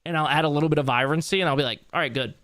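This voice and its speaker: A man's voice: fairly high pitch, steady tone, racing, fairly bright tone, no echo. A young man streaming late into a long session, rambling casually in a loose, tired way and swearing now and then. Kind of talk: casual live-stream commentary.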